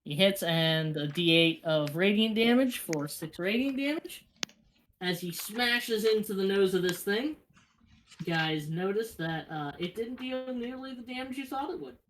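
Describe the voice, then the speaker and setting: A woman narrating as game master of a tabletop game, chatty and a little halting. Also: mid-range voice, expressive, a little hiss or hum.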